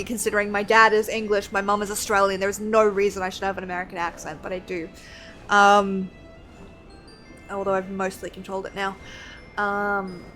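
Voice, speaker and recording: A woman's voice: medium pitch, pushed and bright. A woman chatting casually while playing a video game, rambling and laughing between asides. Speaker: game streamer. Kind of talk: casual game playthrough commentary.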